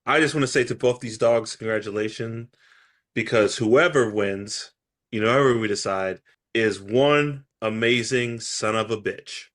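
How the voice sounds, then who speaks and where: A man co-hosting a podcast in casual chat, animated and laughing, acting out ranting voices. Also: lowish voice, unhurried. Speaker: podcast co-host.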